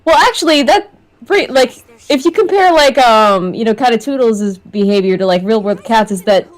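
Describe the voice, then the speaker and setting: A woman's voice: fairly high pitch, expressive, normal speed. A woman co-hosting a game stream, chatty and giggly, going off on long explanatory tangents. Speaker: stream co-host. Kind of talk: casual chat over a game stream.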